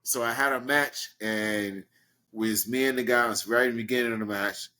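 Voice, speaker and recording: A man from Brooklyn, a guest in an interview, telling a story casually and animatedly, acting out the people in it with big leaps in pitch. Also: fairly even intonation, a little fast, sharp tone. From Brooklyn, New York. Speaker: guest, professional wrestler.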